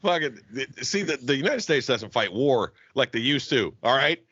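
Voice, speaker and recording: A man co-hosting a podcast, with a husky but bright, sharp tone and a lively, up-and-down delivery. He laughs and curses freely through casual banter. The recording is dry and a bit dull and lo-fi. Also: mid-range voice, moderate pace, no echo. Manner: loud, laughing, swearing a lot. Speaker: podcast co-host.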